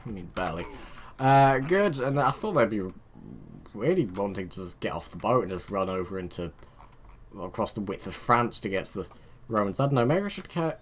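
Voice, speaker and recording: A man's voice: fairly low pitch, a little hiss or hum. Rambling young man narrating his gameplay. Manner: rambling, talks to his game units, muttering asides. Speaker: gaming video host. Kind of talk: casual let's-play commentary.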